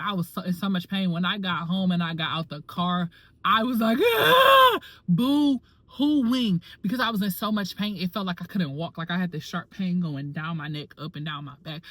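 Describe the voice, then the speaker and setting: A woman vlogger telling her own story in a casual, dramatic and expressive way, talking straight to her viewers. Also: on the low side, no echo. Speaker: actor and vlogger.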